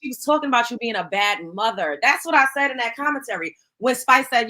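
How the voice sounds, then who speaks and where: A woman's voice: high voice, expressive, fairly quick, hardly any pauses, sharp tone. A woman co-hosting a casual gossip chat, earnest and rambling, with many "like"s.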